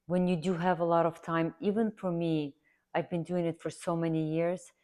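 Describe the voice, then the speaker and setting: Low-voiced woman chatting while she draws. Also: flat delivery, normal speed, warm tone. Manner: rambling, earnest, repeats herself for emphasis. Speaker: art instructor. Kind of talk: casual chatty tutorial while drawing.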